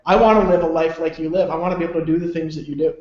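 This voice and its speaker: A man's voice: fairly high pitch, fairly even intonation, very fast, darkish tone, reverberant, lo-fi sound. A man presenting on a webinar, telling a motivational story in a loose, chatty way and often asking "right?" for agreement. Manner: loose and chatty with many fillers.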